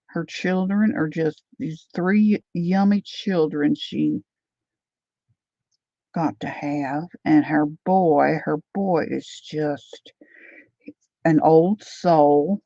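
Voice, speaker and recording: Painting live for her viewers, a middle-aged woman chats casually, greets people by name, and laughs frequently. She speaks extremely slowly in a low-pitched, creaky, warm voice, with no echo and a slightly dull lo-fi sound.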